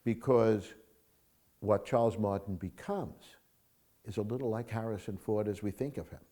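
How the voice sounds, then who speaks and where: A male screenwriter in an interview, talking in an animated storytelling way, acting out film scenes and swinging from hushed to loud. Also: lowish voice, moderate pace. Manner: acts out film scenes, mimics crowds, shifts from hushed to loud.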